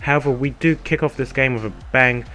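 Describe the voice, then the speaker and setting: A man with a raspy, slightly ill voice giving laid-back, chatty commentary over his football video game match, with lots of ums. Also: mid-range voice, steady tone, a little fast, bright, forceful tone, soft background music. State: a little ill, hoarse. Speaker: gaming commentator.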